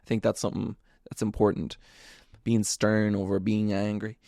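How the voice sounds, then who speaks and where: A man tells a story to his audience in a relaxed, earnest way with asides that poke fun at himself. His voice has a gravelly edge. The sound is close and dry, with no room echo. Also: on the low side, moderate pace. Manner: storytelling, earnest and motivational with self-deprecating asides. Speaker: podcast host. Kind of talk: casual monologue.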